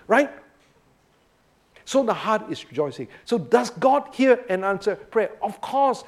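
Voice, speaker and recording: High voice guy teaching a psalm, swoops up and down a lot, takes it slow, keeps saying right. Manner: animated, often checks in with "Right?". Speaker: Bible teacher. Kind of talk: expository sermon.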